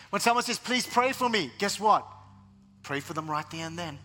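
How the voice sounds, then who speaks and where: A man pastor preaching a sermon, animated, sometimes mimicking other voices. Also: sits high, moderate pace, faint music behind.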